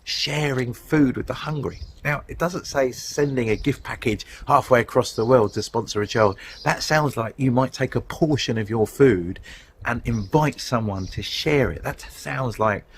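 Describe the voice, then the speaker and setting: Animated male preacher, outdoors in wind. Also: mid-range voice, moderate pace, rough recording. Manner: conversational, animated storytelling. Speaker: guest preacher. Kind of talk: sermon. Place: outdoors, windy.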